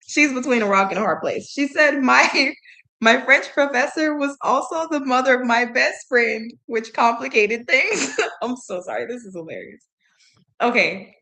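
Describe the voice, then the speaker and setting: A chatty woman reads aloud slowly, breaking off to puzzle over words and laugh at herself. Her voice sits at an ordinary middle pitch and her talk is loose and unscripted. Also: fairly bright tone. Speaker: language learner reading aloud. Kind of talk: casual reading practice with commentary.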